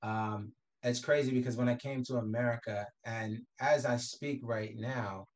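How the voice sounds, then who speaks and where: A man who grew up in the Caribbean speaks as a guest on an interview show. His pitch sits in a middle range for a man, and his talk is relaxed and unhurried, sprinkled with "you know" and easy restarts. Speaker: guest, entrepreneur.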